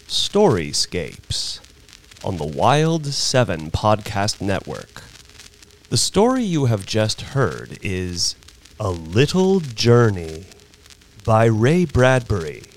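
Male audiobook narrator: unhurried, lively delivery. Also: lowish voice, a little hiss or hum. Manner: slow, expressive storytelling. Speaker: narrator and performer. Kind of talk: dramatic audiobook reading.

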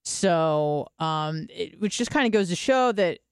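A woman's voice: fairly low pitch, animated, unhurried, smooth, dry recording, studio quality. A young woman co-hosting a podcast, chatting casually, rambling and swearing with lots of fillers. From United States. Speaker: podcast co-host. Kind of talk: casual chat.

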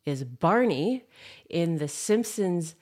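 Woman on a comedy podcast, lowish voice, takes her time, giggles a lot. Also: lively intonation, takes it slowly. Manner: giggly, warm reactions. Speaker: podcast regular and engineer. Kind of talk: casual comedy chat.

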